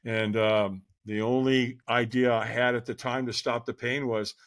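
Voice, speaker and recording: An older man tells his story in a candid, conversational way as a podcast guest. His voice sits at a middle pitch and sounds dry and close to the mic. He grows animated when he acts out other people. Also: a little slow, dry recording.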